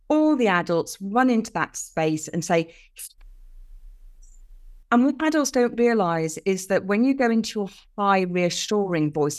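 Older woman, earnest and explanatory. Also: lowish voice. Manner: earnest and explanatory, with lively emphasis. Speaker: podcast guest. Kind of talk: casual conversation.

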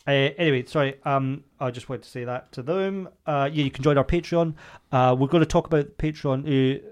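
A man's voice: medium pitch, fairly quick. A British man co-hosting a comedy podcast in casual, rambling chat full of fillers and laughs. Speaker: podcast co-host.

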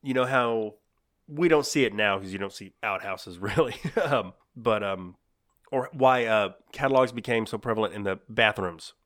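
A man's voice: lowish voice, normal speed, fairly bright tone. A man co-hosting a casual podcast, laughing often as he tells odd trivia. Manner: laughs often, giggly storytelling of odd facts. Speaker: podcast co-host.

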